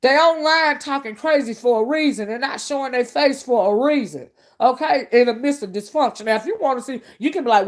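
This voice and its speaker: A woman's voice: high-pitched, brisk, few pauses. Blunt woman ranting on a livestream. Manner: blunt, preachy, repeats "okay?". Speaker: online commentator. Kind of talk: late-night livestream rant.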